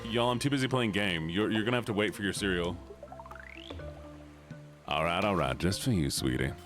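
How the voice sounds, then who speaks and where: A man streaming a game and chatting casually with his audience, goofy and playful, slipping into a put-on southern drawl and deep joke voices. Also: normal speed, fairly bright tone, faint music behind. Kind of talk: casual chat with a live stream audience while gaming.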